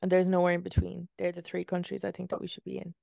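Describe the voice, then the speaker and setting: She's a podcast co-host with a lowish, gravelly voice and a fry at the ends of her words, chatting and rambling with plenty of swearing and filler. The sound is dry and close, with no room around it. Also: monotone, fast, dark tone, dry recording. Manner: chatty and profane, rambling storytelling with many fillers. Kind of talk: casual chat. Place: in bed in a room.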